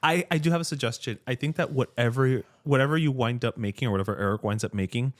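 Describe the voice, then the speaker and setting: A man's voice: medium pitch, fast. A man with a mid-range voice hosts a podcast in a studio. He chats in an easygoing, playful way, with a light, friendly host tone. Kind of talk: casual talk show chat.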